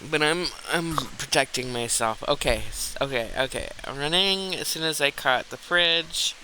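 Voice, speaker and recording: A man's voice: fairly high pitch, moderate pace, noisy background. A man chatting casually over a cleaning game, rambling through a story with restarts and frequent laughter. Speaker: gameplay streamer. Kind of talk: casual gameplay chat.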